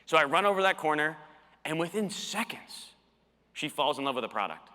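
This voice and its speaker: A man giving a storytelling keynote talk at a conference, animated and acting out the quoted dialogue. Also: on the high side, fairly quick. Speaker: conference speaker. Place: conference hall. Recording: long reverb of a conference hall.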